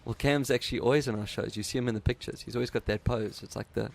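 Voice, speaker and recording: A man's voice: mid-range voice, fairly even intonation, quick pace, gravelly. A man hosting a radio tech show, joking and bantering casually. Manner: joking, self-deprecating, laughs often.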